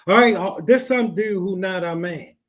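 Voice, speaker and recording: A man's voice: high voice, normal speed. A man hosting a podcast, giving blunt, slangy commentary on a clip. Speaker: podcast host.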